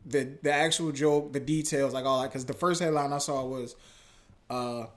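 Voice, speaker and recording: Slangy, easygoing male co-host. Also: mid-range voice. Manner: slangy, relaxed, quick interjections. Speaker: podcast co-host. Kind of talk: casual podcast chat.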